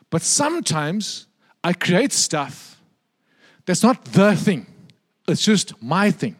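A man with a high-pitched voice preaches in a relaxed, conversational way. He drifts into humorous stories and checks in with the room through quick asides. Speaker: pastor. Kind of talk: sermon.

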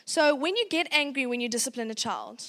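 A woman's voice: high voice, fairly quick. Chatty woman giving a parenting talk. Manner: chatty and animated, acts out parent and child voices, laughs often. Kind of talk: casual parenting workshop talk.

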